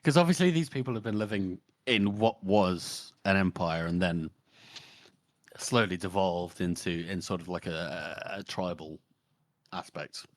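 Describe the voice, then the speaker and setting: A man's voice: deep voice, a little slow, no echo, clean studio sound. A man co-hosting a casual book podcast, reacting bluntly to the story with frequent laughs and swearing. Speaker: podcast co-host.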